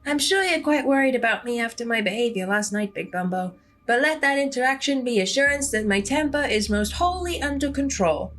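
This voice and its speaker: A woman's voice: on the high side, lively intonation, a little fast, few pauses, a bit bright, pitched above the performer's own voice. A woman voicing a pompous, formal talking cat in a game, speaking in a slightly raised, prim voice. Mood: haughty.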